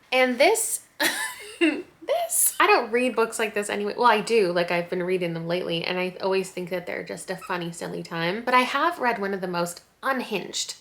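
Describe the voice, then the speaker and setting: A young adult woman chatting casually as a book vlogger, animated and quick with asides, laughing often. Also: mid-range voice. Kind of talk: casual chat.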